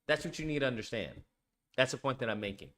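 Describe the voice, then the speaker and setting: A man's voice: medium pitch, animated, fast, fairly bright tone. A man hosting a live stream, ranting emphatically about a video game, repeating points and swearing often. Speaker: streamer and show host. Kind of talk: casual live-stream rant.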